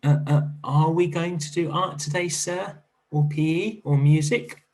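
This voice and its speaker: A man's voice: on the high side, measured pace, a little mellow, soft background music, pitched above the performer's own voice. A man voicing a small, scared schoolgirl who stutters nervously, in a classroom story. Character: small scared girl pupil, stuttering and timid.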